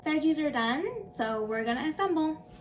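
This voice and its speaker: A woman's voice: high-pitched, normal speed. A young woman talking casually through a cooking vlog, chatty and upbeat, with lots of fillers. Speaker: vlogger.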